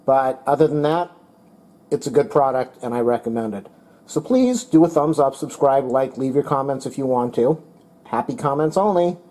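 A man's voice: mid-range voice, moderate pace, mellow, poor audio. A man in his home kitchen giving a casual, methodical product review while he demonstrates the appliance. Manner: plain, methodical, talks while demonstrating and eating.

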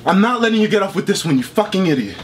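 Male streamer, high and swinging voice, profane, hot-headed reaction rant. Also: big pitch swings, racing, noisy background. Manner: heated, profane, reads messages aloud. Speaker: online streamer.

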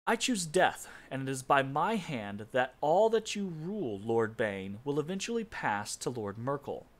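A man's voice: mid-range voice, sing-song, measured pace. A man reading aloud the lines of a cold, calculating male assassin god from a game's storybook. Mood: menacing. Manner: threatening, calculating.

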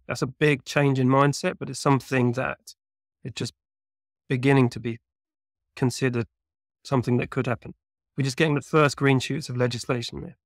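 A man's voice: mid-range voice, fairly even intonation, normal speed, long pauses, dry recording, studio quality. A man being interviewed as a researcher, explaining at length in a thoughtful, conversational way with lots of small hedges. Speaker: guest researcher.

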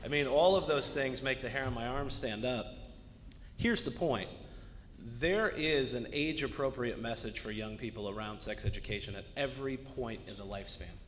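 A man's voice: mid-range voice, moderate pace, fairly bright tone. A man on a discussion panel, making his points in an earnest, emphatic way and stressing key words. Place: arts center event space. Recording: long hall reverb, faint noise.

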